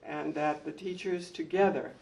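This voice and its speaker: A man's voice: fairly high pitch, moderate pace, vocal fry. An older man, a former school administrator, reminiscing with heartfelt stories at a public event. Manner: heartfelt storytelling, animated when telling anecdotes. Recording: distant mic with faint room noise.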